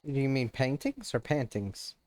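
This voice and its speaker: A male game streamer talking over his live stream in an ordinary middle-pitched voice. He jokes around, laughs often and trips over his words, restarting sentences as he goes. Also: sing-song, moderate pace, darkish tone, no room sound. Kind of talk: casual live-stream chat.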